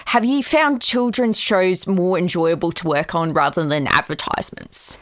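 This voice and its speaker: Lively woman, low and dry. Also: normal speed, dry recording. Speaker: co-host. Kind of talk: casual podcast interview.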